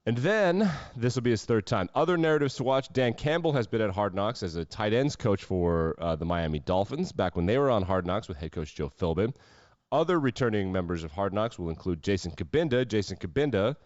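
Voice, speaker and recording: A man's voice: fairly low pitch, expressive, fairly quick, darkish tone, no echo, lo-fi sound. A man hosting a solo sports podcast, talking casually with sarcastic, wry asides. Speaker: podcast host.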